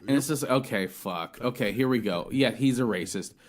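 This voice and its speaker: A man's voice: medium pitch, normal speed. Guy hosting a podcast, rambly and sweary, trips over his words reviewing a movie. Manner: rambling, profane, many restarts and fillers. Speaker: podcast host.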